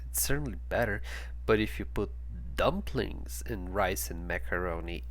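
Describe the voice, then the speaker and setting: A man's voice: deep voice, expressive, pitched below the performer's own voice, low-quality recording. A man voicing a weary, grumbling man who copies out names. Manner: slow, grumbling.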